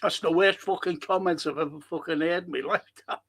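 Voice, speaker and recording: Scouse man, bright high voice, slow, sweary watch-along streamer. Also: husky. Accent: Liverpool. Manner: sweary, excitable, heckling the players. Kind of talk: live match commentary and chat reading.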